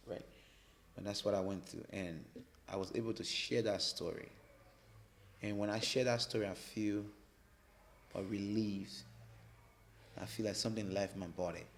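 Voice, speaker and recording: A man from Liberia, a podcast guest telling his personal story in a halting way, often repeating words as he restarts. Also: fairly low pitch, steady tone, slight background noise.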